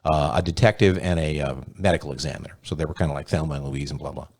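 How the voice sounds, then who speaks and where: A man's voice: extremely low pitch, fairly even intonation, rapid-fire, darkish tone. A man hosting a casual podcast chat, telling stories in a rambling, profane way. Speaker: podcast host.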